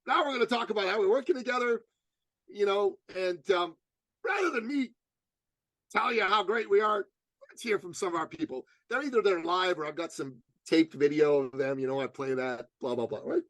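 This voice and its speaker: A man's voice: high-pitched, normal speed, no room sound. A man being interviewed as a motivational coach, telling stories casually and acting out what people said. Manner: animated storyteller, acts out quotes.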